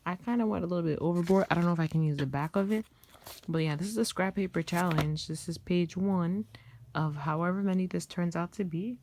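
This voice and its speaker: A woman casually talking through her drawing process, chatty and sometimes dropping to a soft near-whisper. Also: lowish voice, a little fast, noisy background. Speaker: art vlogger. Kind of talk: casual narrated drawing tutorial.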